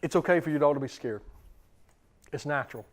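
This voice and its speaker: A man's voice: a little high, brisk. A man in his thirties, a dog trainer giving a seminar to clients in a conversational way, often repeating words and acting out the commands he gives.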